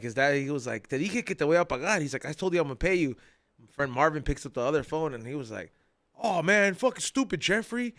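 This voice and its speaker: A man on a casual podcast telling a long, animated story, full of slang and laughter. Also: on the high side, no room sound, studio quality.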